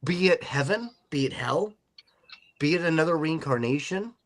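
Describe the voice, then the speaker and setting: A man's voice: on the high side, animated, moderate pace, fairly bright tone. A middle-aged man hosting a podcast, telling rambling stories in casual chat with a joking manner. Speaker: podcast host.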